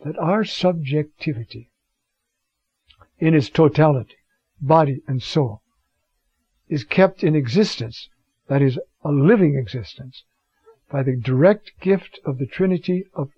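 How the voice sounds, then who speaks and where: A man preaching on scripture in an animated way, with rhetorical questions and sudden leaps in pitch. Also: slightly rough, dry recording. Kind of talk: sermon on scripture. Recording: dull, lo-fi dry recording.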